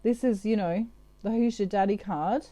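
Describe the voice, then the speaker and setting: A woman's voice: medium pitch, normal speed, warm tone, dry recording. A woman giving a casual, chatty tarot reading, full of fillers and asides. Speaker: tarot reader.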